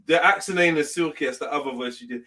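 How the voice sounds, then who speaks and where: A man hosts a casual livestream. His voice sits a little high. He talks in loose, teasing slang and keeps things informal. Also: fast, sharp tone. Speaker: livestream host.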